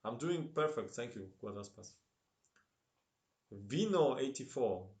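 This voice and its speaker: A man's voice: mid-range voice, lively intonation, unhurried, a little mellow. A man with a Russian-tinged accent and broken English, commentating chess on a live stream, chatting with viewers and laughing often. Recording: roomy echo.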